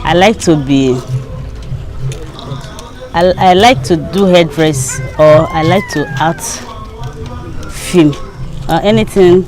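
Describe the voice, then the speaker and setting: A woman's voice: fairly low pitch, wildly swooping pitch, slow, long pauses, music in the background. A young woman from Imo State with a Nigerian accent, answering interview questions shyly and hesitantly, often restarting her sentences.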